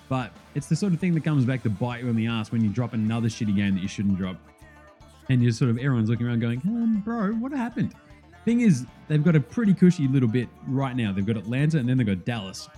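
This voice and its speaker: An Australian man with a mid-range voice hosts a sports podcast, commenting excitedly and casually while he laughs and curses without restraint.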